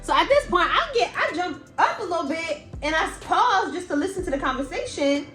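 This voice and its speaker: A young adult woman telling a storytime vlog in a blunt, animated and profane way. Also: extremely high pitch, brisk, soft background music. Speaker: vlogger. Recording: roomy echo.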